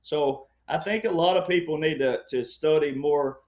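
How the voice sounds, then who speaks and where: Insistent rambling man, slightly high voice. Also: moderate pace, a little mellow. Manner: rambling, insistent, often says "all right". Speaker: panel guest. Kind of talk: conversational political commentary.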